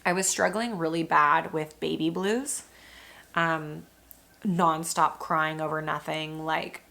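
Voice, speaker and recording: A woman's voice: low voice, fairly even intonation, slow pace, creaky, bright, forceful tone. A young woman, a new mother, chatting candidly in a casual vlog, full of fillers and the odd swear word.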